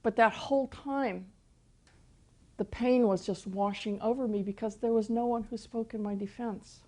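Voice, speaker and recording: An older woman teaching through personal testimony, soft-spoken and storytelling, often repeating words as she gathers her thoughts. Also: a little high, fairly even intonation, normal speed. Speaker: Christian teacher and author.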